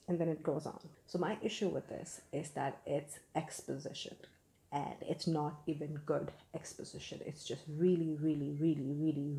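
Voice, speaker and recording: Low-voiced young woman reviewing books. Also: warm tone. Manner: candid and opinionated, with frequent fillers and restarts. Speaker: book reviewer. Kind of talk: casual book review vlog.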